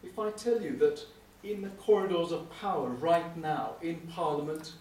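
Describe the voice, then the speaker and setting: A middle-aged man, a prosecuting barrister, giving a wry, anecdotal conference lecture with frequent "uh" pauses. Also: a little high, darkish tone. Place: lecture hall. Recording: echoey room, speaker far from mic, faint hum.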